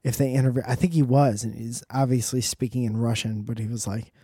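Guy rambling jokes and swearing, mellow dark voice, dry sound. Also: medium pitch, fairly even intonation, brisk, husky, no echo. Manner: rambling, profane, joking asides. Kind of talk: casual comedic monologue.

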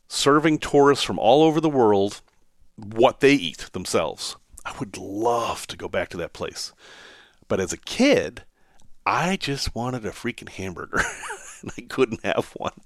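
A man's voice: mid-range voice, no echo, studio quality. A man, telling personal stories as a podcast host in a casual monologue and chuckling often. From Massachusetts, USA.

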